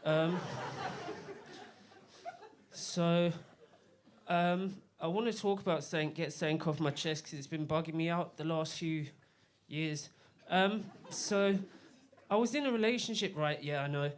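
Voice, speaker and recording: A man doing a live stand-up set on a comedy club stage, deadpan and self-deprecating. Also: a little high, measured pace.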